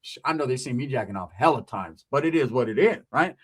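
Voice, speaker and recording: A man's voice: medium pitch, fast talker, breathy edge. A man from California telling a story in a casual, profane way, acting out other people's voices. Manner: profane, animated, acts out quoted voices. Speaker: guest recounting his past.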